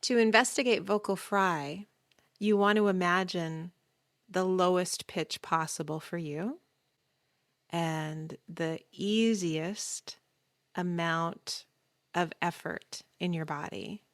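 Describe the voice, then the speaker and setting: A woman hosting a podcast voice lesson, explaining calmly and demonstrating sounds. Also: fairly low pitch, slow, dry recording, clean studio sound. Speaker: voice teacher.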